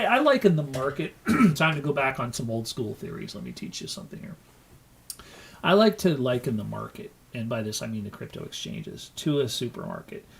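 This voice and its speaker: A man hosting a crypto market show, explaining in a folksy, animated way, telling stories and swearing casually. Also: medium pitch. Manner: folksy, animated storytelling with loose profanity.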